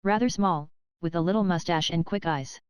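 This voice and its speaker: A woman reading the part of a gentle, vague elderly Englishwoman in an audiobook. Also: lowish voice, moderate pace, smooth, dry recording, clean studio sound, natural voice. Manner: mild, musing.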